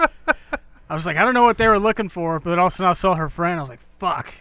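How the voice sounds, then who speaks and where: A man's voice: high-pitched, smooth, no echo. A man, telling stories in casual chat as podcast co-host. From Kentucky. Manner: swearing, storytelling, quick and animated.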